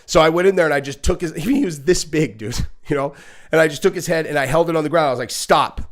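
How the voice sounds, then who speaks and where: A man with a fairly high voice hosts a casual live reaction stream. He rambles bluntly, swears freely and leans on fillers. When he acts out kids or dogs, he jumps into high, shrieking squeals. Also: fast. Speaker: podcast host.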